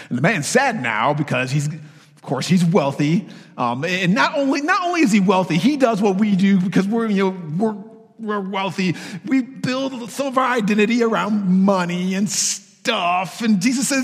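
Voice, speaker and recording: A man preaching a sermon, telling a story with lively, casual asides. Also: high-pitched, unhurried, slightly rough, big-room sound.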